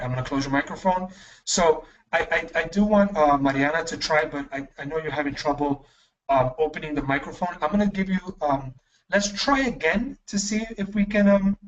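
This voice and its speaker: A male English teacher running an online class, patient and encouraging, correcting pronunciation slowly. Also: a little high, recorded from a distance, highs cut off.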